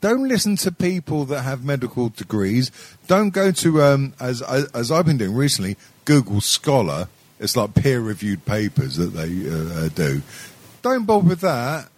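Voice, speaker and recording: A young man chatting on a podcast, his pitch swinging all over the place as he rambles. He stumbles through restarts, swears freely and laughs along with his own stories. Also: sing-song, moderate pace, darkish tone, breathy edge. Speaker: podcast co-host. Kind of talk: casual sweary chat.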